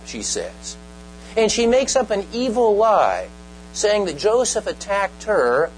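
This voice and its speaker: A man's voice: high voice, big pitch swings, slow pace, slight background noise, low-quality recording. A man preaching a sermon, earnest and emphatic, often stopping to ask the listeners direct questions. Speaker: pastor.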